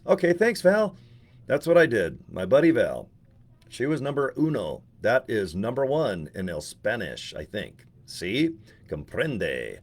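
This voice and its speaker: A man in his forties talking in a casual, rambling vlog monologue. He jokes, swears and mocks himself, with many asides and restarts. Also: medium pitch. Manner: joking, profane, self-mocking. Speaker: network marketing affiliate.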